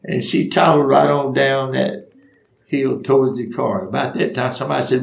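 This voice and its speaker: In an echoey room, an older man spins funny personal anecdotes, folksy in manner, voicing the characters and laughing along. His mid-range voice is creaky, with fairly even intonation and normal speed.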